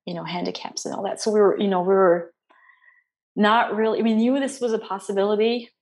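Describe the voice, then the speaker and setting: A young adult woman, an interview guest, speaks in a soft, halting way. Her voice sits at a middling pitch, and she restarts her sentences often and leans on fillers. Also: steady tone. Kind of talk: personal interview.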